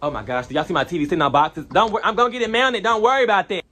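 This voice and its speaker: A young man telling a storytime vlog in an animated, slangy way, rambling with asides. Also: high-pitched, very fast. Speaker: vlogger.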